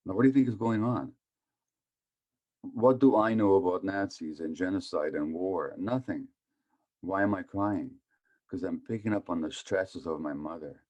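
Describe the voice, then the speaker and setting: A man's voice: low-pitched, moderate pace, darkish tone, highs cut off. A man in his seventies, from Hungary, giving a conversational talk as a physician and asking his audience questions. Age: 70s. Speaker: physician speaker. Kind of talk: public talk on trauma.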